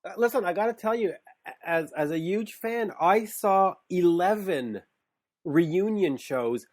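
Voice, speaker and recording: A man with a notably high voice hosts a casual interview. He asks questions in a halting, stop-start way and often restarts his sentences. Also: expressive. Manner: halting, with many restarts and backchannels. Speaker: podcast host and interviewer.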